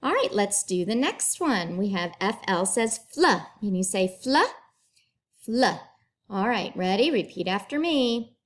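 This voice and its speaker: Lady teacher, slow and careful, sounds out each letter blend for little kids. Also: mid-range voice, lively intonation. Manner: slow, clear enunciation with drawn-out sounds; patient, encouraging. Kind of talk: phonics lesson for young children.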